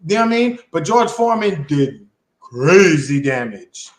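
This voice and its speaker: A man's voice: fairly high pitch, sing-song, moderate pace, roomy sound. A man co-hosting a political talk show, debating in casual slang with a sarcastic edge.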